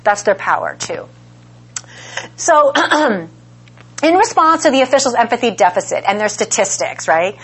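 A woman's voice: fairly high pitch, sing-song, measured pace, long pauses, fairly bright tone, slightly rough. A woman giving an academic lecture in a conversational way, often checking in with the listeners. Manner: conversational, frequent "right?" check-ins.

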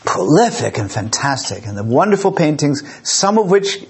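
Husky, rambling male lecturer. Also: on the high side, very animated, normal speed. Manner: rambling, repeats words, openly emotional. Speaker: lecturer and museum director. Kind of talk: live lecture with audience questions.

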